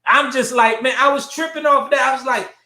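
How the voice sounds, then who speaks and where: High-voiced, bright-toned male show host. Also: a little fast, echoey room. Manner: animated, greets viewers by name; blunt, profane. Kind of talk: livestream commentary.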